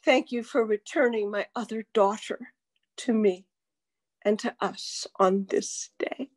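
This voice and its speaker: A woman voicing an elderly, devout adoptive mother who speaks softly and tenderly within a told story. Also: mid-range voice, fairly even intonation, slow pace, no room sound, studio quality. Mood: grateful, soft. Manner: soft, heartfelt, gently pleading to God.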